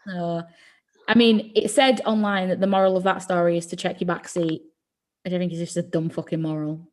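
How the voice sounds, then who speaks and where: A woman's voice: fairly low pitch, steady tone, a little fast. A woman co-hosting a podcast, telling a story in casual, rambling chat, swearing freely and filling with "like". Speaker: podcast co-host.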